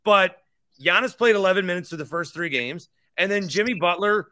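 A man's voice: sits high, brisk, sharp tone. A man hosting a sports podcast, ranting with sarcasm and swearing about his team. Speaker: podcast host. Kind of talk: heated sports talk.

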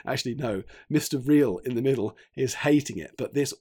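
A man talking casually about a film, animated and acting out quoted lines. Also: medium pitch, a little fast, breathy edge. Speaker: film reviewer.

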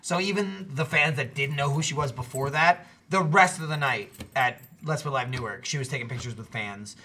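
Male co-host, casual chat; blunt and profane, very bright and sharp. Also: mid-range voice, normal speed, slight background noise. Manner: blunt, swears freely. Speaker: podcast co-host.

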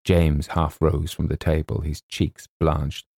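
A man reading a comic short story aloud as an audiobook narrator, in a measured storytelling manner. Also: extremely low pitch, monotone, gravelly, darkish tone, breathy edge, no room sound, studio quality. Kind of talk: scripted narration.

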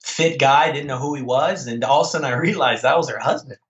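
A man's voice: mid-range voice, fast talker. A man telling a story as an interview guest, rambling with many restarts. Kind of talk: casual storytelling. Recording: echoey, dull lo-fi audio.

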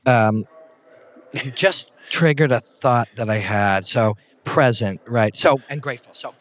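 A middle-aged Canadian fight commentator, appearing as an interview guest, tells stories in a casual way. His medium-pitched voice is a bit bright and measured in pace, and he speaks emphatically and bluntly with salty language.

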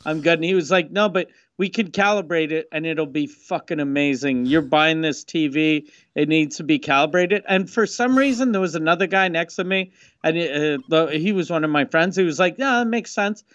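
A man's voice: fairly high pitch, a little fast, a bit bright, no room sound, dull audio. A man chatting casually and telling a rambling, profane anecdote. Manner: rambling, profane, hesitant fillers. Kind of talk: casual chat.

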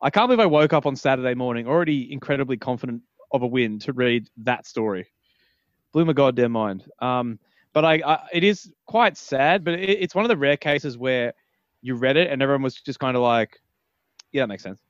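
A man co-hosting a sports podcast, giving quick, blunt opinions in casual chat. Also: medium pitch, animated, no echo. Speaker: podcast co-host. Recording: dull lo-fi audio.

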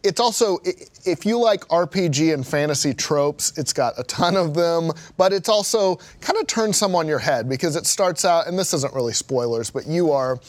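Easygoing man with a fairly high voice. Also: lively intonation, normal speed, few pauses. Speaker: podcast co-host. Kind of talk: casual gaming chat.

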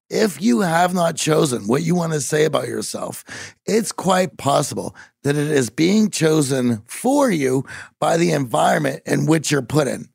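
A man from Pittsburgh telling stories in a podcast conversation, animated and growing emphatic at times. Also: fairly high pitch, no echo, studio quality. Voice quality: gravelly. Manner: animated storyteller, rising to emphatic bursts.

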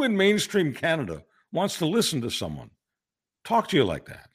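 A man's voice: fairly high pitch, huge pitch swings, breathy edge. Emphatic opinionated man on a podcast. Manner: opinionated, emphatic, halting with restarts. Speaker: podcast co-host. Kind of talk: casual political chat.

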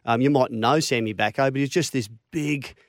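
A middle-aged Australian man, a former rugby league player, telling lively stories in casual chat and acting out the quotes. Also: moderate pace, dry recording, clean studio sound. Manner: animated yarn-spinner, acts out quotes with big pitch jumps.

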